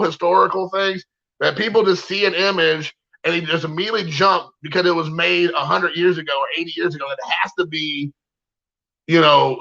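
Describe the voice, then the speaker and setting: A man's voice: a little high, gravelly, pushed and bright, lo-fi sound. A man giving a heated, rambling opinion rant, repeating himself and leaning on fillers. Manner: heated, repetitive, many fillers. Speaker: card collector vlogger.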